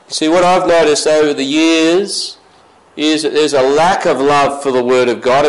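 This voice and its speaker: A man preaching a sermon, reading scripture slowly and lifting his voice to stress key words. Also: rough recording. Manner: reads scripture slowly, raising pitch for emphasis.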